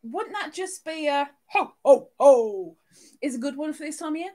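A woman's voice: sits high, brisk. A woman hosting a live stream, reading out viewers' names and chatting casually, with plenty of giggles. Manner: bubbly, giggly, reading chat names aloud.

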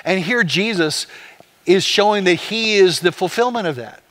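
Bright-voiced man preaching a sermon. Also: high voice, expressive, normal speed. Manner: conversational, rhetorical questions to the congregation. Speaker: pastor.

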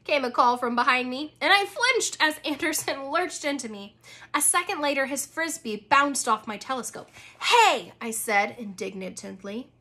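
A woman's voice: high-pitched, expressive, normal speed, pushed and bright. A woman reading a children's book aloud in an informal way, with occasional slips and restarts. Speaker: reader.

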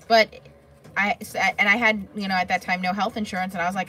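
A woman's voice: mid-range voice, steady tone, a little fast, bright, forceful tone, slight background noise. A woman hosting a crafting livestream, chatting casually and answering viewers' comments by name.

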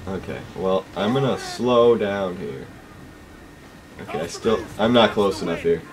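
A man giving casual let's play commentary, excitable and frustrated, with outbursts and shouts at the game. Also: low voice, measured pace, background noise. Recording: game music loud behind voice. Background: game music.

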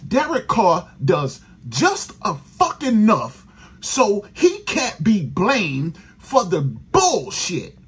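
A man's voice: sits high, wildly swooping pitch, takes it slowly, fairly bright tone, breathy edge. A man, hosting a sports podcast, venting in a profane, exasperated rant about his team. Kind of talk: angry fan rant.

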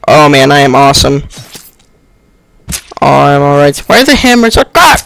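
A young man on a headset giving excitable let's-play commentary, yelping and laughing as he plays. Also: on the high side, normal speed, vocal fry, long pauses, smooth, no echo. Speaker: gamer.

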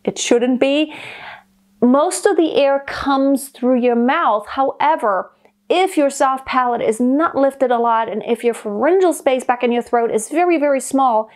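Female vocal coach, pitch a touch high, calm step-by-step explainer for a singing lesson. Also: measured pace. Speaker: voice teacher.

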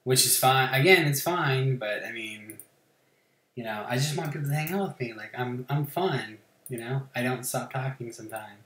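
Man, gaming channel host, casual rambling chat, profane, self-mocking, average pitch, roomy echo. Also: moderate pace, fairly bright tone. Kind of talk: casual chat while playing a game.

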